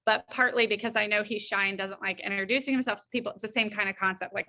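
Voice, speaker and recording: A woman's voice: mid-range voice, quick pace, creaky, hardly any pauses. A middle-aged woman, a guest counselor, telling an anecdote and acting out the voices in it. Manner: lively, acts out the voices in her stories. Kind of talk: anecdotal storytelling.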